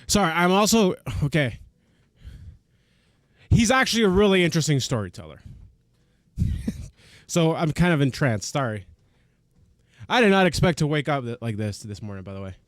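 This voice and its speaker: A man hosting a reaction video, chatting in quietly amused asides. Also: fairly high pitch, big pitch swings, normal speed, long pauses, no room sound, studio quality. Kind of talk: casual reaction commentary.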